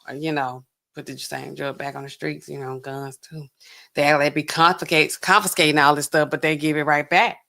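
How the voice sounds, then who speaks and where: Woman, young adult, livestream host, casual reaction chat, talks to viewers, frequent laughs, sharp bright tone. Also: low-pitched. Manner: chatty, addresses viewers directly, laughs often. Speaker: pharmacist host.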